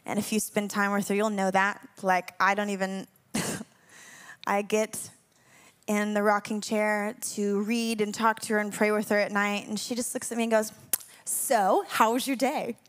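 A woman's voice: mid-range voice, monotone, clean tone. A young woman leading a spoken prayer and then telling a personal story to a congregation, chatty and candid, laughing often. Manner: hushed and slow in prayer. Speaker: worship leader speaking to a congregation.

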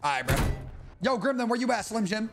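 A young man streaming a shooter game, talking brash and profane in hyped slang over loud music and gunfire. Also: high voice, big pitch swings, a little fast, noisy background. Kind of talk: gaming commentary over gameplay.

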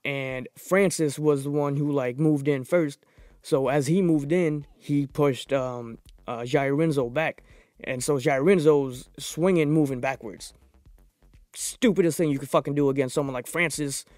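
A young man hosting a podcast, reviewing fights in a profane, rambling, excitable casual monologue. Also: a little high, unhurried, no echo, studio quality. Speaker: podcast host.

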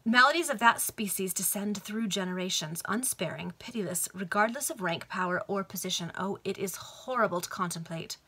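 A woman voicing a solemn, confiding Victorian countess in a read-aloud storybook, with a bright voice. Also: medium pitch, fairly quick, few pauses, slightly rough. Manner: grave, confiding.

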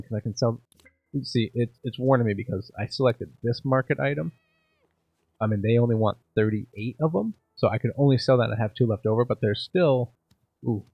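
A man's voice: medium pitch, a little mellow, slightly rough, dry recording, rough recording. A man casually commenting while playing a game, thinking aloud and joking about himself. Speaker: gaming channel host. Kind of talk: let's play commentary.

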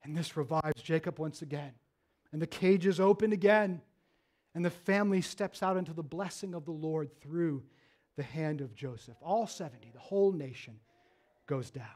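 A man with a notably high voice delivers a sermon from the pulpit. He preaches earnestly, sinking low and soft for tender moments before climbing back up to stress key points. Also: normal speed. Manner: earnest preaching, dropping low and soft then rising with emphasis. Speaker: pastor.

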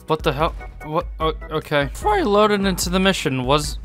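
Young male let's-play host, lively and excitable, bright tone, soft game music underneath. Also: normal speed. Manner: excitable, laughs often, yelps in high bursts. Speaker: gaming YouTuber.

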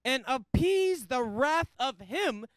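Very high-voiced man reading scripture. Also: very animated, no echo. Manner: measured, deliberate reading. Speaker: scripture reader.

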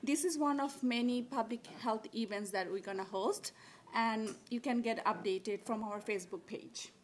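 A woman's voice: a little high, normal speed, slight background noise. A woman introducing speakers at a community event, a little hesitant as she reads. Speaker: event coordinator, presenter.

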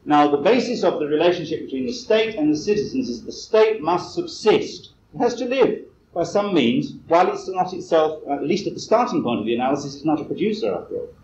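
A man delivers a conference lecture in a fairly high voice, wry and digressive, with self-deprecating asides. The sound is a dull, muffled old cassette recording. It carries a roomy echo and a faint hiss underneath. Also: sing-song, a little fast, hardly any pauses, darkish tone. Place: lecture hall.

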